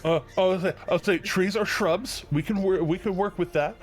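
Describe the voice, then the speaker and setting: A man running an online tabletop game as game master, talking in a relaxed, rambling way with many fillers and restarts. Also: high voice, a little fast, soft background music.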